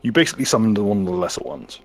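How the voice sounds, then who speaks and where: A man's voice: lowish voice, sing-song, very fast, faint music behind. A man narrating a tabletop game as game master, describing scenes with small restarts.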